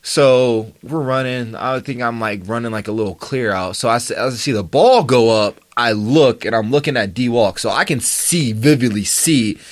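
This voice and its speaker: A young man, a pro football player guesting on a podcast, telling stories in a casual, animated way and acting out the people in them. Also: mid-range voice, normal speed, few pauses, no echo. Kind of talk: casual storytelling in a podcast interview.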